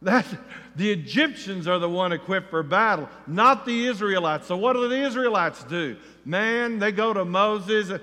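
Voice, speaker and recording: High-voiced preacher in a reverberant hall. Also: male voice, animated, normal speed. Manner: acts out voices of the crowd, rising to near shouts. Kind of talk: sermon. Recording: long reverb of a large hall.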